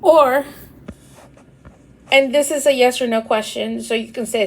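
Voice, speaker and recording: Slow-paced woman teaching a lesson. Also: on the high side, low-quality recording. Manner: slow, patient explaining with repeated examples. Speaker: Spanish teacher. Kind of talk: recorded grammar lecture.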